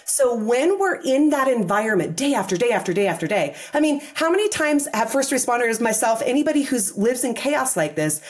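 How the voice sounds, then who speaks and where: Brief: woman, 40s, talk-show guest, expressive storyteller, bouncy and higher-pitched delivery. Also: fairly quick, hardly any pauses. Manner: animated storyteller, acts out quoted dialogue, frequent restarts. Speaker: podcast guest, wellness teacher. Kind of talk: casual interview chat.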